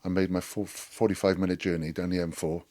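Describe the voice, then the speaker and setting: A man's voice: sits low, fairly quick. A middle-aged man telling a rowdy, sweary anecdote as a podcast guest. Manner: animated, sweary storyteller. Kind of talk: storytelling anecdote.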